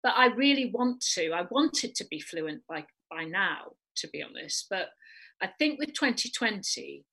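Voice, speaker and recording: A woman's voice: mid-range voice, sing-song, normal speed, creaky, sharp tone, slightly rough, rough recording. A woman with a North Welsh accent, chatting casually and animatedly in rambling asides. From North Wales. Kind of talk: casual chat.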